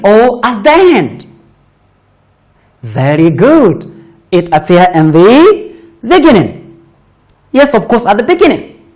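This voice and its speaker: A woman teaching a children's phonics lesson, sounding out words deliberately and praising pupils often. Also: medium pitch.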